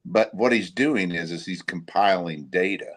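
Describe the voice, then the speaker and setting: Low, deep male guest, measured and unsure, casual conversation. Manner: hesitant, thoughtful. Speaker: podcast guest, investigator. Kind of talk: casual interview chat.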